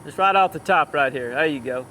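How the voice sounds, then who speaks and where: A man's voice: on the high side, a little fast, bright, forceful tone, slight background noise. A man working as a cutting horse trainer, coaching a rider live in an outdoor arena and calling out short, repeated commands.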